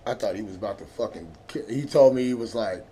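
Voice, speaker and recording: A man's voice: fairly low pitch, fast talker, warm tone. A man hosting his own vlog, telling a rambling, profane story in a laid-back way. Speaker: vlog host.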